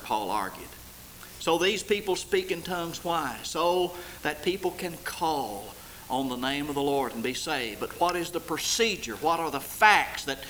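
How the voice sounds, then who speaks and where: A man preaching a sermon, rising to loud, high, stretched-out lines and then falling back low and quiet. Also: slight background noise, poor audio.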